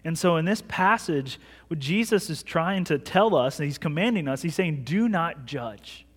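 A man's voice: a little high, animated, normal speed, a bit bright, slightly rough. A man in his thirties preaching a sermon in a church, in a conversational storytelling way with self-mocking humor. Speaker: pastor. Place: large church sanctuary. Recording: long hall reverb.

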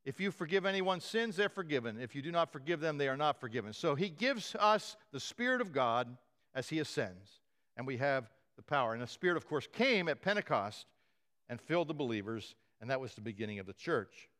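A male pastor preaching a sermon, telling the story with animated voices for the quoted lines and frequent chuckles. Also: fairly high pitch, brisk.

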